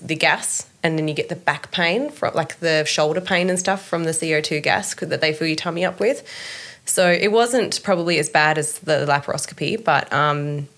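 Woman, thirties, interview guest, candid storytelling, lowish voice, lively. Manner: animated, acts out quoted voices, laughs often.

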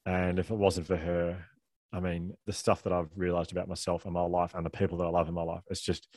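Fast-talking deep-voiced man. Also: completely flat delivery, darkish tone, no room sound, clean studio sound. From Australia. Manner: fast, rambling, self-interrupting with restarts. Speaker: author and guest. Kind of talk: candid conversational storytelling.

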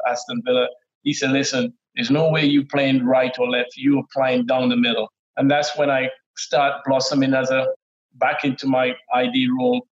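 Laid-back Trinidadian man over a dull line. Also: mid-range voice. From Trinidad and Tobago. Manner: laid-back, laughs while telling stories. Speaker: guest, former footballer. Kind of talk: casual interview storytelling. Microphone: remote call audio. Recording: dull lo-fi call audio.

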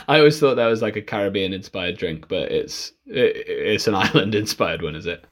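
A young man co-hosting a podcast in casual chat, joking and laughing often. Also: fairly low pitch. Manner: jokey, laughs often, quick asides. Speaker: podcast co-host.

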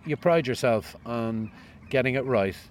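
A man's voice: mid-range voice, animated, measured pace, a little hiss or hum. A middle-aged man with a Cork Irish accent, a radio newsreader chatting as an interview guest, self-deprecating and full of stories. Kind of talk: casual interview chat.

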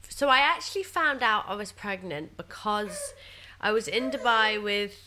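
A young woman speaking openly in a relaxed chat, full of fillers like "like" and "you know". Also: medium pitch, moderate pace, crowd noise. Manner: chatty and open, many fillers like "like" and "you know". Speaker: guest. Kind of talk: candid casual chat.

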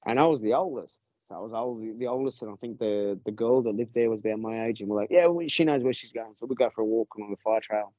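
A man's voice: on the low side, quick pace, few pauses, no room sound, lo-fi sound. A man with an Australian accent telling a story in a casual podcast chat, rambling and swearing with many restarts.

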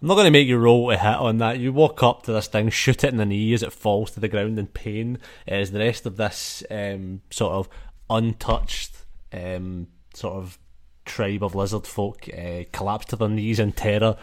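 Low-voiced man running a tabletop game. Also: steady tone, normal speed. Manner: casual, swearing, filler-heavy narration. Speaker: game master.

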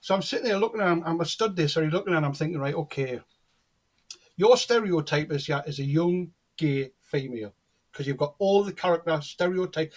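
His voice is a little high and his pace a little fast. A guest and cold reader, he chats casually through anecdotes, telling them with animation and acting out the quoted exchanges.

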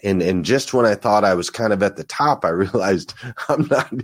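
Man, low voice, earnest, reflective, podcast guest, repeats himself while thinking. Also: measured pace, dry recording. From United States. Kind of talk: casual conversation.

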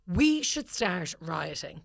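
An Irish woman co-hosting a podcast, chatting casually with sweary, animated rants and storytelling. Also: on the low side, slow pace, creaky, no echo, studio quality. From Ireland. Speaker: podcast co-host and comedian. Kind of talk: casual chat.

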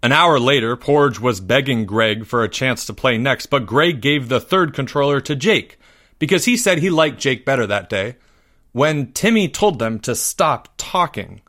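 A man narrating a suspenseful story in an even, measured way. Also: mid-range voice.

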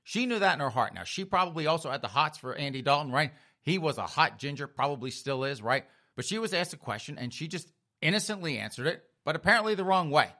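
A man hosting comedic news commentary, spinning stories in a mocking, theatrical way. His pitch moves wide and lively, and his tone is bright and sharp. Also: fast. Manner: mocking, storytelling, addresses listeners as folks. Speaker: host.

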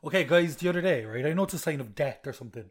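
A man's voice: on the high side, animated, rapid-fire. A young man co-hosting a podcast, chatting casually, swearing and laughing a lot. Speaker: podcast co-host.

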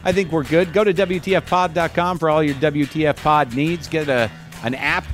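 A man's voice: a little high, steady tone, normal speed, faint music behind. A man, a podcast host, signing off from a hotel room with chatty, rambling plugs and a self-deprecating tone. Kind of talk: show outro.

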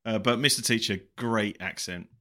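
A man's voice: lowish voice, moderate pace, pushed and bright. A man from England, co-host of a comedy podcast, bantering in a playful, defensive way. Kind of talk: casual banter.

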